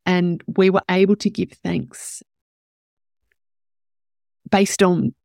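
A woman's voice: on the low side, steady tone, slow pace, gravelly, a little mellow, dry recording, studio quality. A woman hosting a podcast, telling a personal story in an emotional, candid way and growing teary as she talks. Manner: emotional, tearful at moments, candid with swearing. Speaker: podcast host.

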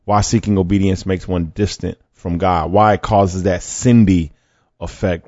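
A man's voice: low-pitched, fairly even intonation, a little slow, a little mellow, dry recording, lo-fi sound. A man hosting a faith podcast, talking conversationally with fillers, restarts and rhetorical questions. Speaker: podcast host.

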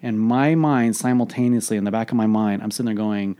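A man with a fairly low voice tells a candid personal story. He sounds frank and reflective and swears freely as he works through what went wrong, speaking like a coach sharing a lesson. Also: a little fast, mellow, clear, resonant tone.

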